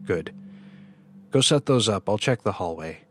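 A man's voice: lowish voice, lively intonation, a little slow, a bit bright, a little hiss or hum. A man voicing a stern, impatient veteran woman nurse who talks brusquely in a spoken horror story. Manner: brusque, scolding.

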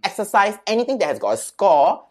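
A Singaporean man tells stories in a loose, chatty way. He keeps asking "right?" and "okay?" to make sure the listener follows. His voice rises and falls a lot, and he drops Mandarin words and local particles into his English. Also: brisk. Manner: lively, swings pitch up and down while telling a story. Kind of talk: casual storytelling.

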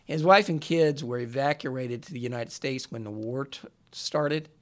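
A man's voice: mid-range voice, normal speed. A man co-hosting a casual chat, explaining a story at an easy pace. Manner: relaxed storyteller, explains at length. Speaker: podcast co-host.

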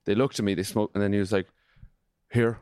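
A man's voice: on the low side, steady tone, rapid-fire, a little mellow, dry recording, clean studio sound. A man from Galway with a Galway accent, hosting a podcast in casual, laid-back chat full of "yeah". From Galway, Ireland. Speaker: podcast host.

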